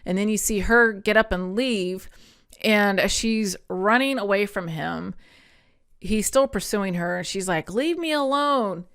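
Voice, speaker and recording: A woman's voice: medium pitch, a little slow, fairly bright tone, clean tone. A woman hosting a podcast, recapping an episode in an earnest, chatty way, laughing often and sounding close to tears. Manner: emotional, near tears. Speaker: podcast host.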